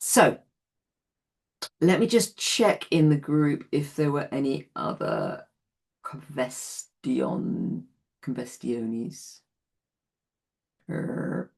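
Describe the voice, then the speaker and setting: A woman's voice: very deep voice, very animated, extremely slow, vocal fry, pauses often, a little mellow. Chatty woman in her late sixties teaching. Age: 60s. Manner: chatty, laughs often between points. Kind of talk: online class teaching.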